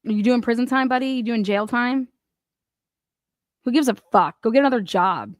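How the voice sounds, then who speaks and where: A woman's voice: on the high side, normal speed, dry recording, studio quality. A woman hosting a casual commentary show, reacting to news clips in a blunt, profane and mocking way. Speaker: host.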